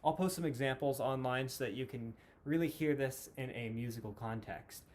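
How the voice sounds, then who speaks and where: A man explaining time signatures as a music teacher, patient and clear, counting beats aloud. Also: medium pitch, normal speed, a little mellow. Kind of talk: classroom lesson explanation.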